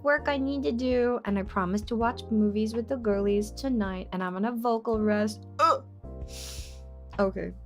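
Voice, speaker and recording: A young woman streaming live, chatting with her chat while working on a song and trying out lines by singing them. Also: a little high.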